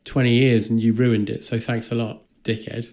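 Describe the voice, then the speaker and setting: A man's voice: mid-range voice, little pitch movement, moderate pace, a little mellow, pitched below the performer's own voice, close to an everyday voice. A man doing a blunt, fed-up woman agent. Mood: exasperated.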